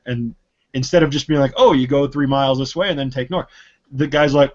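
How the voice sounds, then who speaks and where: A man telling stories in casual podcast chat, swearing a lot and getting loud and indignant. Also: mid-range voice, fairly quick. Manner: ranting storyteller, swears often, gets loud and indignant. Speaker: podcast co-host. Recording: dull lo-fi sound.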